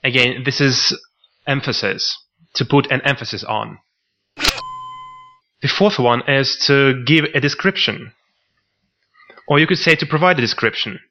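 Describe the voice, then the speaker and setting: In a scripted vocabulary lesson, a male podcast co-host reads example sentences aloud in a measured way. His medium-pitched voice sounds pushed and bright. The recording is dull and lo-fi.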